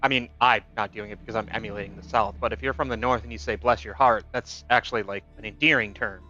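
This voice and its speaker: A man's voice: lowish voice, quick pace, bright, forceful tone, muffled recording, soft background music. A man in a casual gaming chat with friends, explaining things at length in a confident, lecturing way. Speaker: gamer chatting with friends. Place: home gaming setup, voice chat.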